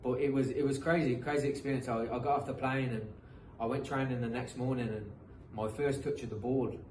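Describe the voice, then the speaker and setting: A man's voice: mid-range voice, fairly even intonation, a little fast, distant mic. A man in his thirties with a British accent that has picked up some American sounds. He talks on a podcast about his playing career, rambling and repeating himself, with many ums and uhs. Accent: British English, mixed with some American. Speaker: guest, professional footballer. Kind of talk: casual podcast storytelling. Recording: echoey room, mic set back, faint noise.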